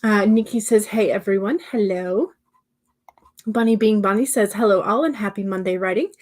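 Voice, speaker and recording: A woman hosting a writing livestream, casually reading out viewers' comments and answering them in a chatty way, sometimes dropping to soft murmurs. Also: medium pitch, normal speed. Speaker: livestream host.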